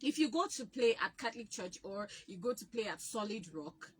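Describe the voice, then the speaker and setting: Animated Nigerian woman telling stories. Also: a little high, a little fast, slight background noise. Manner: animated, laughs often while telling stories. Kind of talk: casual storytelling chat.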